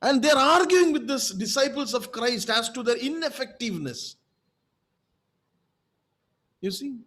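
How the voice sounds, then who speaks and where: High-voiced pastor preaching emphatically. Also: male voice, animated, unhurried, a bit bright. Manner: emphatic, repetitive, with frequent rhetorical checks. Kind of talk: sermon.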